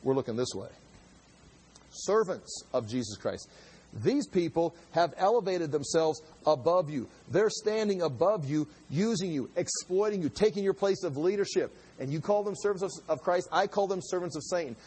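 Man, middle-aged pastor, fairly high husky voice, chatty sermon, rhetorical questions. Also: lively intonation, normal speed, darkish tone, poor audio. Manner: conversational preaching with asides and rhetorical questions.

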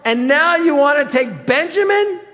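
A man's voice: very high voice, expressive, normal speed, bright, forceful tone, voice pushed up, heavily acted. An older patriarch, anguished and self-pitying, as a preacher acts him out. He protests in a raised, strained voice that rings through a reverberant hall. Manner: exasperated, protesting.

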